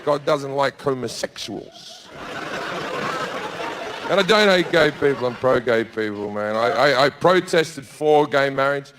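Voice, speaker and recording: A man's voice: medium pitch, animated, measured pace, fairly bright tone, long reverb tail, some chatter behind, slight background noise. A man in his forties with an Australian accent doing a crude, sweary stand-up set on a theater stage. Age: 40s. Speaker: stand-up comedian.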